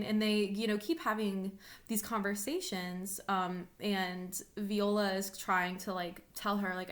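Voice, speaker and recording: A woman's voice: mid-range voice, flat delivery, measured pace. A woman teacher in a recorded online lesson, explaining a play in a casual way, full of "like" and "um". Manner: casual, paraphrasing with lots of "like" and "um". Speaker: English teacher.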